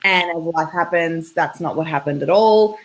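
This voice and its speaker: A woman's voice: lowish voice, moderate pace, a little hiss or hum, poor audio. An Australian woman in her thirties, a relationship coach chatting effusively as a guest over a video call. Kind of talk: casual interview over a call.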